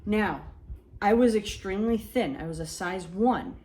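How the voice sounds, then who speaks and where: A woman, telling funny personal stories in an animated, chatty, self-mocking way. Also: mid-range voice, a little slow. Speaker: storyteller. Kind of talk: casual storytelling.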